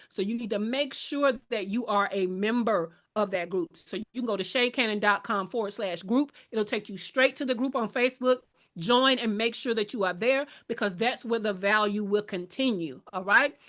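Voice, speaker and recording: A woman from Alabama, hosting a live business coaching show in a casual, chatty way. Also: medium pitch. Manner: warm, chatty, Southern slang, addresses audience as y'all. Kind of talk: casual live-stream talk.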